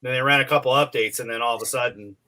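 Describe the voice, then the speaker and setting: A man's voice: mid-range voice, steady tone, rapid-fire, bright, forceful tone. A man in his forties, a co-host, chatting casually and rambling with fillers, still tired while recovering. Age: 40s. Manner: rambling, full of fillers and restarts. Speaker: podcast co-host. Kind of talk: casual chat.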